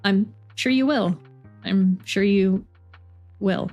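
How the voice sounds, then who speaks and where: A woman's voice: medium pitch, slow, a little mellow, soft background music. A woman voicing a weary, wry young woman football player who sighs and curses. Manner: sarcastic, sighing, swearing.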